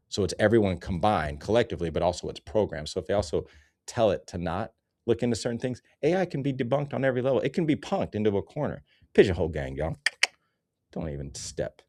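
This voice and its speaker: Guy doing a rambly sarcastic comedy rant, low mellow voice, dry close sound. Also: no room sound. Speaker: comedy commentator. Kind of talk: ranting comedy commentary.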